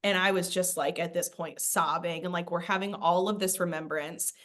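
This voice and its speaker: Lower-voiced woman, chatty podcast storyteller who rambles with many fillers. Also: fairly even intonation, moderate pace, fairly bright tone. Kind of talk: casual spiritual podcast chat.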